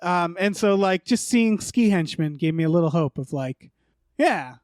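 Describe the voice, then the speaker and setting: A man's voice: high voice, expressive, normal speed, a little mellow, dry recording, clean studio sound. A man co-hosting a podcast, musing hesitantly about movies with frequent stammers. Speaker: podcast co-host. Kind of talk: casual movie chat.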